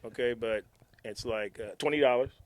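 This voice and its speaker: A man's voice: medium pitch, lively intonation, a little fast, fairly bright tone. A middle-aged man, a former morning radio host, telling stories in a casual interview, joking and laughing often. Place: radio station.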